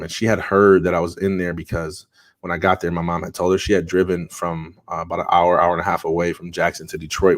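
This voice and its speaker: Male podcast guest, low voice, earnest and conversational storytelling. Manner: earnest, conversational, with frequent restarts and fillers. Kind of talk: personal storytelling in a podcast interview.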